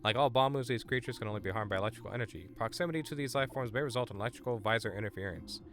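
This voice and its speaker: A man streaming a game live, chatting excitably with viewers and stammering over his words. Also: mid-range voice, rapid-fire, faint music behind. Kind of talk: live gameplay stream chat.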